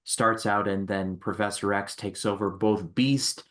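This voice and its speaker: A man co-hosting a casual movie talk, enthusiastic and relaxed, with plenty of ums and uhs. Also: lowish voice, measured pace. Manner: enthusiastic, relaxed, filler-laden. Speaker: podcast co-host.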